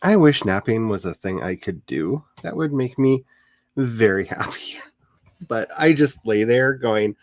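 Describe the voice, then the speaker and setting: A man's voice: fairly low pitch, lively intonation, a little slow, no room sound, studio quality. A man hosting a writing livestream, chatting casually in a rambling, self-mocking way, full of jokes and asides. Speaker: livestream host. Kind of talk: casual chat during a writing sprint stream.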